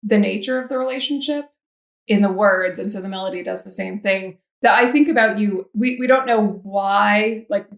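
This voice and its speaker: A woman, a composer guest on a podcast, talking thoughtfully about a song and pausing before she makes her point. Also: medium pitch, gravelly, echoey room. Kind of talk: casual music analysis chat.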